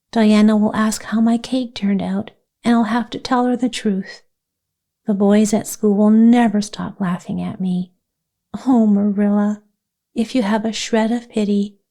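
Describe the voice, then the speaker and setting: A woman's voice: mid-range voice, mellow, lightly acted. A woman voicing an imaginative, talkative orphan girl who speaks in a dramatic, pleading way, as in a storybook reading.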